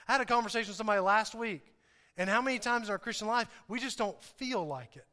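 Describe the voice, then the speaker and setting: A man preaching a sermon as pastor, animated and emphatic, often repeating his key phrases. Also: sits high, fast, long reverb tail.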